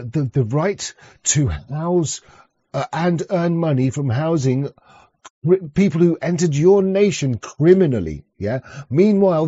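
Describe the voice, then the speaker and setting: Husky man, crude and sarcastic. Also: a little high, dark tone, dry recording, dull audio. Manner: crude, sarcastic, rambling with many restarts. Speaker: streamer reacting to a clip. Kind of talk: rambling reaction commentary.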